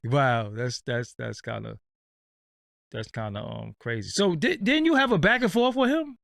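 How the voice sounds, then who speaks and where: A man's voice: mid-range voice, normal speed, vocal fry, a bit bright, no room sound, clean studio sound. A man hosting a casual podcast chat, laid-back and agreeable. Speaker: host.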